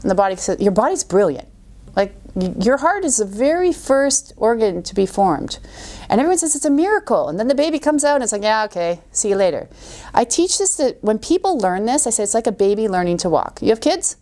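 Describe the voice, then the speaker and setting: A middle-aged woman talking as a podcast guest, an animated storyteller who acts out quoted voices. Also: fairly high pitch, a little fast. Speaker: guest coach. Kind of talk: podcast interview.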